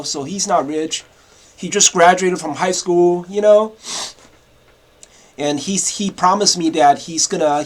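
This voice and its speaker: A man quoting a sweet, accommodating 1950s girl in his own slightly high voice. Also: natural voice.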